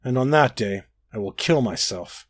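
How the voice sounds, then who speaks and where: A man reading a dark first-person fantasy story aloud, brooding and expressive with dramatic rises and drops. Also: medium pitch, normal speed. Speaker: narrator.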